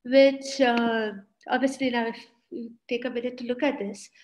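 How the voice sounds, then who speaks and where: A woman's voice: fairly high pitch, little pitch movement, moderate pace, a little mellow, rough recording. A woman with an Indian English accent presenting on a panel, chatty and full of fillers.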